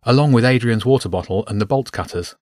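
A man doing a crisp, practical young girl. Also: mid-range voice, quick pace, no echo, studio quality, lightly acted. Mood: matter-of-fact.

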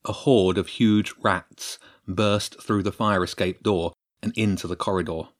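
Male narrator, low voice, expressive storybook read. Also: unhurried.

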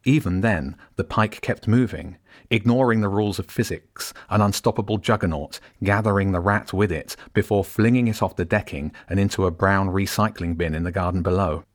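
A man narrating a storybook in a steady, measured reading voice. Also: low-pitched.

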